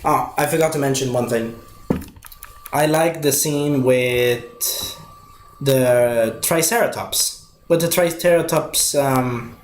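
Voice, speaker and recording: A man's voice: medium pitch, takes it slowly. A man casually reviewing a movie, rambling with many fillers and restarts. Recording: echoey room with faint noise.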